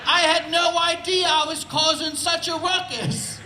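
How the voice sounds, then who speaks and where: A man's voice: extremely high pitch, steady tone, unhurried, pushed and bright, roomy sound, a little hiss or hum, pitched above the performer's own voice, full character voice. A man voicing a prim, courteous male dog with a British accent, apologizing in a raised voice. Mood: apologetic. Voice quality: posh, overly courteous.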